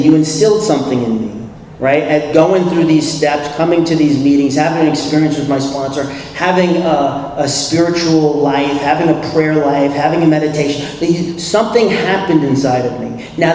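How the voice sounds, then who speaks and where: A man with a New York accent telling his recovery story at a convention, animated, acting out dialogue and laughing often. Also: a little high. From New York City. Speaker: recovery meeting speaker. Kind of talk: personal recovery story talk. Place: convention hall. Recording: echoey hall, distant mic, faint hiss.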